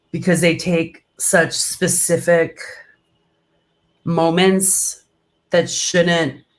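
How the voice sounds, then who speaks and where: Chatty woman stand-up comic as interview guest, gushing, filler-heavy, laughs easily. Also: sits low. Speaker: comedian guest. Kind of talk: casual interview chat.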